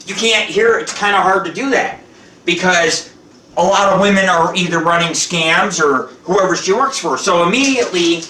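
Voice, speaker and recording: A man's voice: high voice, normal speed, sharp tone, recorded from a distance, a little hiss or hum. A man hosting a live home cooking show, talking in a profane, boastful, rambling way. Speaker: show host. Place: home kitchen. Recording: roomy echo, off-mic.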